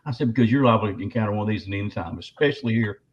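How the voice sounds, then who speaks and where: A man's voice: lowish voice, very fast. A man, a guest telling stories in a rambling, emphatic way with many restarts, his voice slightly quivering with emotion. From Arkansas. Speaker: guest author and Bigfoot researcher. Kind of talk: casual interview storytelling. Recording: slightly dull lo-fi audio.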